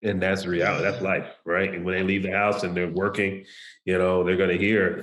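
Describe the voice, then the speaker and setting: A low-voiced man hosts the conversation. He answers often with yeahs and keeps the talk moving. His voice rings out in a roomy, echoey space. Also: little pitch movement, brisk, fairly bright tone. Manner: encouraging, affirming, with frequent yeahs. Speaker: host. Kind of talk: casual interview talk.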